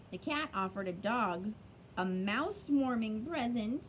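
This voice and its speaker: Woman teacher, picture book read-aloud for kids, chatty, sing-song pitch, slightly high voice. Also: expressive, measured pace, slight background noise, low-quality recording. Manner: chatty, stops to explain words to kids.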